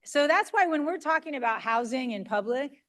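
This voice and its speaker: A woman giving a lively, conversational conference talk, asking the audience questions as she presents a workshop. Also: sits high, normal speed. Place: conference room.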